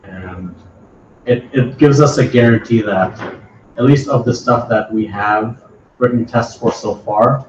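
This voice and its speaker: A man's voice: mid-range voice, unhurried. A man giving a casual technical talk at a meetup, hesitant and often repeating his words. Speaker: meetup presenter. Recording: echoey room, distant dull mic, faint noise.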